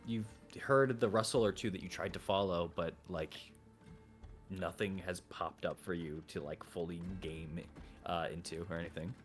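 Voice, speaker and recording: A low-voiced man runs a tabletop game as game master. His narration is loose and relaxed, with faint music behind him. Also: moderate pace.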